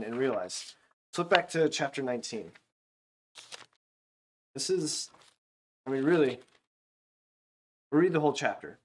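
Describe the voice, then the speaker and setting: Animated, conversational male Bible teacher. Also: mid-range voice. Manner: conversational, animated retelling with acted-out quotes. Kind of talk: casual Bible lesson.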